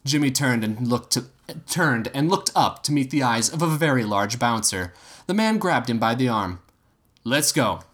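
A man reads his own short story aloud, his voice swinging up and down with plenty of life. He narrates in an amused, lively way. The pitch sits in an ordinary middle range. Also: normal speed.

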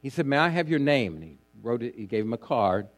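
A male pastor delivers a sermon in a middle-pitched voice. He retells a story at a steady, conversational pace. He stumbles often over fillers and restarts, and his voice sinks quietly at the ends of phrases. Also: quick pace. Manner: storytelling with frequent fillers and restarts, voice dropping low.

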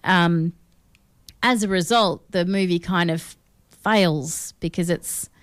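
This Australian woman's fairly low voice moves at a slow pace while she co-hosts a film review podcast, offering casual, strongly opinionated takes sprinkled with fillers. Her tone is clean, studio quality, with no room sound.

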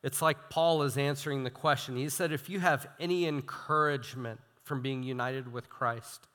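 A young adult man preaching a sermon as a student minister, animated and self-deprecating, reading quotes with emphasis. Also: mid-range voice, moderate pace. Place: church hall. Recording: long hall reverb.

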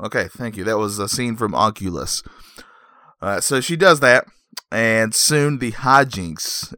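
A man hosting a podcast, recapping a movie in a rambling, wry way with joking asides and frequent throat clearing. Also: lowish voice, bright, forceful tone, no echo, clean studio sound. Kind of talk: casual comic movie recap.

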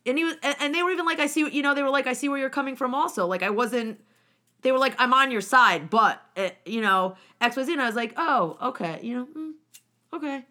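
A woman in her forties in casual chat who tells stories in an animated way and acts out what other people said. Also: sits high, fast. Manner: animated storytelling, acts out quoted speech.

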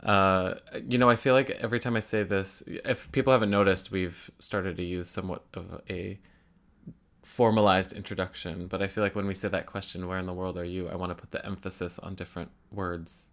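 A man co-hosting a casual podcast from his apartment, animated and laughing often. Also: low voice, fairly quick. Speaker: podcast co-host.

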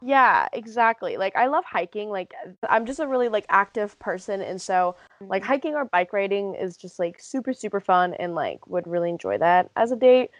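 A woman's voice: mid-range voice, normal speed, few pauses, dry recording, dull audio. A woman co-hosting a casual podcast chat, recapping a show and laughing often. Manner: lively recap with frequent laughs and fillers. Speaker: podcast co-host.

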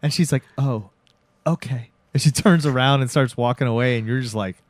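A man's voice: medium pitch, fast, no echo. A man casually recapping a horror movie in chat, telling it with energy and swearing, acting out the characters' lines. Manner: animated storytelling, swearing, acts out characters' lines.

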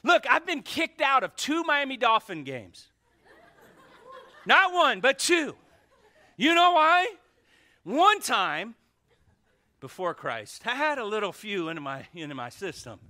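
A male pastor preaching a sermon to his church, fervent and shifting between shouts and hushed asides. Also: very high-pitched, sing-song, unhurried, pauses often. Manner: fervent, swings from shouting to near whispers. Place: church sanctuary.

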